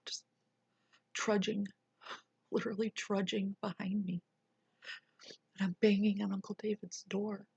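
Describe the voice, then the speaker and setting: A woman tells a personal story, her voice hushed and often sinking into a breathy whisper. The tone is deeply husky with a rough, gravelly edge. The sound is dry and close. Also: flat delivery, moderate pace, long pauses, dry recording, dull audio. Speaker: vlogger sharing a personal story.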